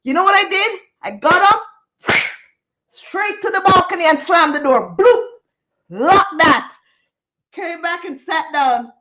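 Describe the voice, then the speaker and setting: Lady chatting on her livestream, high voice, slow, expressive, muffled audio. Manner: animated and expressive, with sound effects. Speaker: livestream host. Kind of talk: casual storytelling to a live chat.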